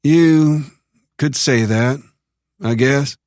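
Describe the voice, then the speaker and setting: A man voicing a calm, enigmatic preacher with a Texan accent who talks slowly and draws out his vowels. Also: mid-range voice, no room sound, clean studio sound, voice pushed up. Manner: slow, measured, drawn-out vowels.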